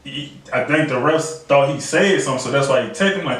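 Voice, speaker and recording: A man's voice: medium pitch, a little fast, hardly any pauses, fairly bright tone. A man co-hosting a casual sports chat, talking loosely with lots of slang and fillers. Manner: loose, slangy, acts out players' lines in a raised voice. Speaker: podcast co-host. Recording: echoey room, mic at a distance.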